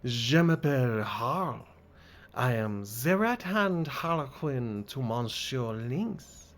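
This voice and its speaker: A man's voice: medium pitch, animated, takes it slowly. A man voicing a flamboyant, flirtatious female jester who speaks with a put-on French accent and drops in French words. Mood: flirty mocking.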